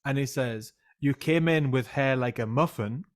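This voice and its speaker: A man's voice: medium pitch, moderate pace. A man in his thirties, a podcast host and teacher, telling self-mocking stories in casual chat. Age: 30s. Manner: self-mocking anecdotes, laughs often.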